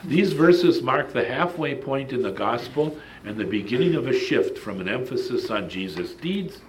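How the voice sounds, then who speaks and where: A man's voice: medium pitch, animated, moderate pace, a little hiss or hum. A man teaching a Bible study lecture, emphatic and digressive, breaking off for asides and restarts.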